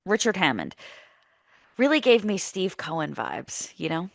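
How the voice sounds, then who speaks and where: A woman's voice: fairly low pitch, big pitch swings, normal speed, vocal fry, no echo. A woman co-hosting a podcast, chatting casually about a film with blunt, profane, wry remarks. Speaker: podcast co-host. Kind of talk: casual movie-review chat.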